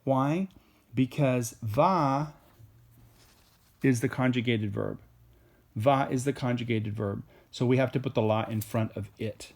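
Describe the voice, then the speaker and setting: Guy teaching spanish in a relaxed way, lots of ums, keeps asking okay?. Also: medium pitch, measured pace, creaky, pauses often. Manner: casual, explains patiently with many fillers and "okay?" checks. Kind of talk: recorded classroom lesson. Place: home or classroom, alone.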